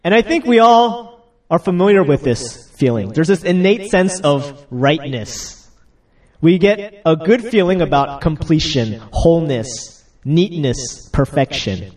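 A man's voice: on the high side, animated, measured pace, a little mellow, recorded from a distance. A young man giving a casual sermon, chatty, laughing as he acts out stories, just getting over a cold. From United States. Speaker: pastor.

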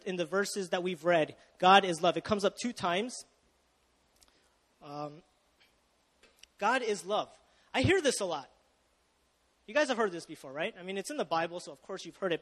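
A man's voice: high-pitched, fairly bright tone, long reverb tail. A young man preaching a sermon in a casual, chatty way, often asking the audience questions and restarting his sentences.

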